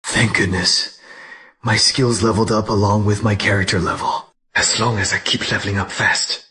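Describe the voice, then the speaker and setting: An actor voicing a calm young hero in a drama dub, musing modestly to himself. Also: male voice, fairly low pitch, normal speed, breathy edge, heavily acted. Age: young adult. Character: calm young man, secret cultivator hero. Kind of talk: English dub of a short drama.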